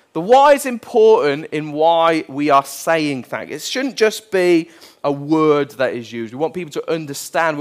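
A man in his thirties preaches from the front in a relaxed, talkative way. His voice sits a little high, and he keeps asking his listeners questions as he goes. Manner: conversational, with playful acted quotes and rhetorical questions. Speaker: pastor. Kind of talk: sermon.

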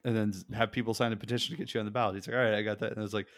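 A man's voice: fairly low pitch, fairly even intonation, very fast, a bit bright, no room sound. A man chatting casually on a podcast, rambling and laughing often, swearing freely. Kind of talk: casual chat.

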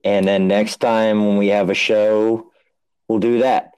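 A man's voice: on the low side, little pitch movement, darkish tone, clear, resonant tone, dry recording, low-quality recording. A man co-hosting a podcast in rambling, jokey casual chat. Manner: rambling, jokey, drawn-out delivery. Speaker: podcast co-host.

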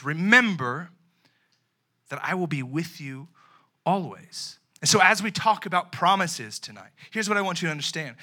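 A young man preaching a lively, conversational sermon to a youth group, full of slang and acted-out asides. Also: high-pitched. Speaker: youth pastor.

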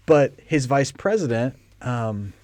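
A man recounting a funny story in a laid-back podcast conversation, sometimes jumping into loud impressions. His voice sits in a middle range and the recording is dry and close. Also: medium pitch, sing-song, takes it slowly, no echo. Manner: storytelling, acts out quotes loudly. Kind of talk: casual podcast chat.

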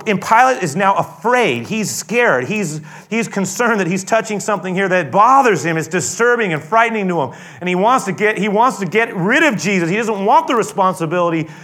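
High, bright-voiced preacher. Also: male voice, a little fast, hardly any pauses. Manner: animated storytelling, frequent restarts. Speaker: pastor. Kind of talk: sermon.

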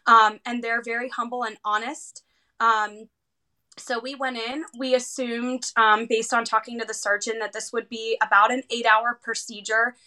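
Bright-voiced woman telling a story. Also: fairly high pitch, normal speed. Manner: animated storyteller with many fillers. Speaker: guest, heart patient's parent. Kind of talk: conversational interview storytelling.

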